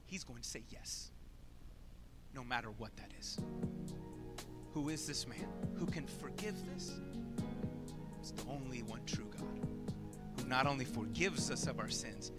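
A man's voice: mid-range voice, unhurried, pauses often, over loud music. A man preaching a sermon, emphatic and informal, asking rhetorical questions and repeating phrases for effect.

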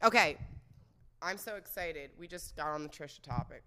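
A woman's voice: low-pitched, expressive, normal speed, sharp tone, slight background noise. A young adult woman hosting a podcast in casual chat, crude and rambling, slipping into mocking voices when she quotes people. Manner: mocking put-on voices when quoting others. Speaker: podcast host.

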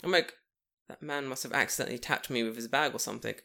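A young man telling a long story in casual chat, profane and animated, acting out what people said. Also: mid-range voice, quick pace, creaky. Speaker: podcast co-host telling a story.

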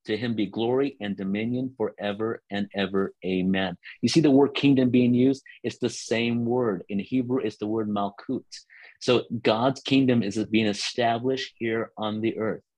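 Deep-voiced preacher, dry close sound. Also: male voice, fairly even intonation, a little mellow, no echo, rough recording. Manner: earnest teaching, repeats and restarts words, slows for scripture. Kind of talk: sermon on a call line.

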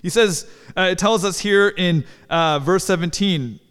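A man's voice: sits high, a little slow, fairly bright tone, clear, resonant tone. A man preaching a sermon in a church, conversational and asking the congregation questions. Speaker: pastor. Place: church sanctuary. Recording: long hall reverb.

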